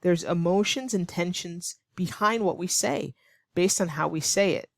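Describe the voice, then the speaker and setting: A woman's voice: fairly low pitch, unhurried, no room sound, clean studio sound. Patient woman teaching English. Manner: clear, patient, demonstrates tones by voicing example lines. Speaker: ESL teacher. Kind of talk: online English lesson.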